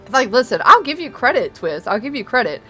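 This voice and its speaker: A woman's voice: a little high, big pitch swings, quick pace, loud music behind the voice. A young woman streamer chatting casually while gaming, laughing often, teasing and swearing.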